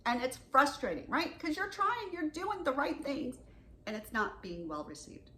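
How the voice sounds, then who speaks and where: Animated woman coach, lively swooping voice. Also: a little high, echoey room, slight background noise. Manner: animated, candid, swings between loud emphasis and soft asides. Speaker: relationship coach. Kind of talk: direct-to-camera advice talk.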